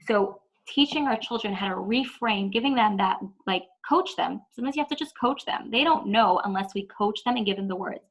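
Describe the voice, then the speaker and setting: A woman's voice: medium pitch, fairly quick, hardly any pauses, poor audio. A woman teaching an online parenting lesson in a chatty way, often saying "like" and acting out whiny kids. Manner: chatty, says "like" a lot, acts out whiny kids.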